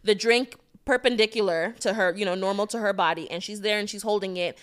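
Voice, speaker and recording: A woman co-hosting a podcast, chatting casually with playful, animated storytelling. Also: mid-range voice, a little fast, clean tone. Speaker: podcast co-host. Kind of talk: casual chat.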